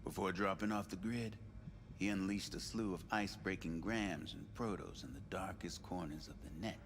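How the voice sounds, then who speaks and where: An actor playing a seasoned male netrunner who speaks calmly and knowingly, heard through game audio. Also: sits low, moderate pace, big-room sound, slight background noise. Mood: laid-back. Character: seasoned male netrunner trading old tricks.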